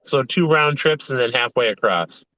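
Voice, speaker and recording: A man's voice: medium pitch, expressive, normal speed, bright, forceful tone, no echo, lo-fi sound. A tired man, a guest on a show, talking casually in a rambling way with small restarts. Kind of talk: casual interview talk.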